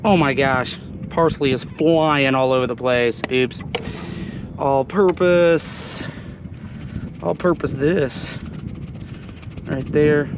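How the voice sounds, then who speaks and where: A man hosting a fishing vlog, talking casually while he cleans and cooks fish, hoarse as he loses his voice. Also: fairly high pitch, slow, pauses often, background noise. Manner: chatty, exclaims often. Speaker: fishing channel host. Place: outdoors on a boat.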